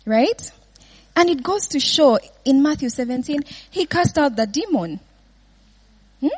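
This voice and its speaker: A woman's voice: high voice, animated, a little slow. A woman giving an informal Bible teaching, often laughing and checking in with her listeners with "yeah?" and "right?".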